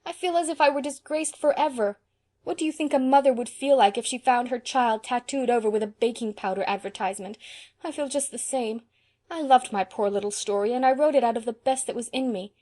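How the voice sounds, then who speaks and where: A woman's voice: a little high, fairly quick, warm tone, pitched above the performer's own voice, natural voice. A woman reading an audiobook, voicing a sensitive, imaginative young woman who speaks with emotional, imploring intensity. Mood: anguished. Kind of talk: audiobook character voice.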